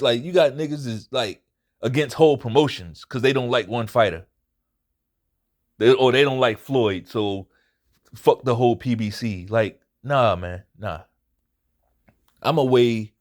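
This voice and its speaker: A man hosts his own boxing commentary show and delivers a casual recap that turns into a blunt rant. His voice sits at an ordinary middle pitch. He swears freely and drives his points home by repeating them. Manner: blunt, profane, emphatic, repeats points for emphasis. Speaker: boxing commentary channel host.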